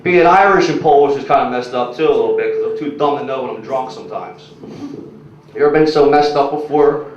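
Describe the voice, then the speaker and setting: This young man does stand-up with crowd work on a comedy club stage, talking a little fast at a medium pitch. His delivery is crude and meandering, loaded with fillers like "like" and "you know." Heard from the back of an echoey club, the audio is muffled with faint noise beneath it.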